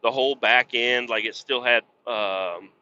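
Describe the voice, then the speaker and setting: A man telling a long, swear-filled story in a casual podcast chat, his voice very bright and sharp. He rambles and gets heated as he acts out arguments. The recording sounds a little dull and lo-fi. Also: mid-range voice, a little slow, slight background noise. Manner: profane, rambling, gets worked up reenacting arguments. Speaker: podcast host.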